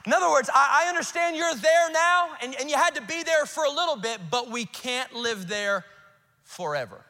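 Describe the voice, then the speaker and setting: A male pastor preaching a sermon, swinging between urgent outbursts and hushed, earnest asides. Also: extremely high pitch, animated, moderate pace, big-room sound. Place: church auditorium.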